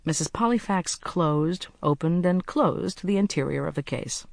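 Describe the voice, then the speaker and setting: Measured audiobook narrator, dry close sound. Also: mid-range voice, vocal fry, no room sound. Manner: even, measured storytelling.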